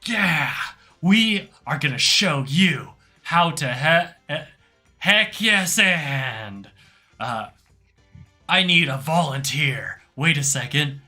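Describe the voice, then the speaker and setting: A man voicing a loud, brash, spiky-haired rock frontman who shouts to hype up a crowd. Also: fairly high pitch, lively intonation, takes it slowly, faint music behind, voice pushed up, full character voice. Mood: hyped.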